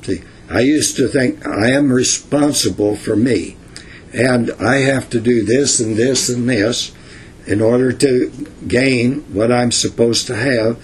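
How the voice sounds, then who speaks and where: Older man, Bible teacher, slow folksy delivery, mid-pitched. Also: slight background noise. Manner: folksy and unhurried, with many fillers and asides.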